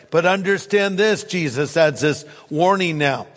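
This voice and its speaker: A man's voice: on the high side, measured pace, few pauses, fairly bright tone, in a large hall. A man preaching a sermon as pastor, in a conversational storytelling manner with touches of humor.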